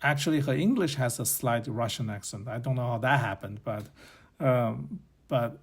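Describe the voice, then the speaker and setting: A husky, mid-range male voice at a moderate pace delivers a casual opinion monologue on a podcast. The host, whose first language is Chinese, is blunt and opinionated, musing aloud, rambling and correcting himself.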